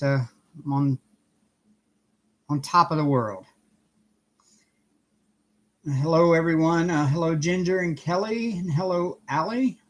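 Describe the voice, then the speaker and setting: Man, slightly high voice, cheerful live-stream host, casual chat from home, greets viewers by name. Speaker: livestream host.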